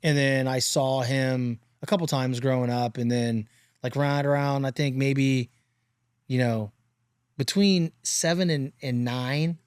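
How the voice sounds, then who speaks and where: A man in his forties hosting a podcast, telling stories in a casual, animated way and swearing freely. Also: medium pitch, a little slow, smooth, no echo, clean studio sound. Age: 40s. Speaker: podcast host. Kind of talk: casual interview chat.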